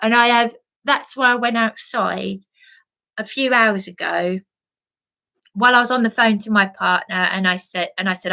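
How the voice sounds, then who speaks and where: A woman's voice: normal speed, gravelly, bright, forceful tone. An English woman in an emotional vlog monologue, agitated and rambling, swearing and repeating herself. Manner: mimics other people in high put-on voices. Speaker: vlogger.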